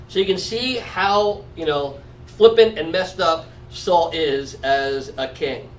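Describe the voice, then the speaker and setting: A man's voice: a little high, slow, slight background noise. A man teaching a casual Bible study, talking conversationally and often checking in with "right?". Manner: conversational, often adds 'right?'. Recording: roomy echo from a distant mic.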